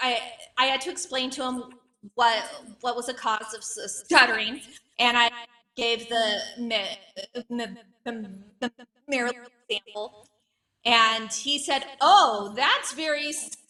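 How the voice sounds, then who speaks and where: A woman in her late thirties does a stand-up set with a stutter, repeating sounds and blocking on them, and her humor is wry and self-mocking. Her high, bright voice is captured from a distance, and she speaks slowly in a steady tone.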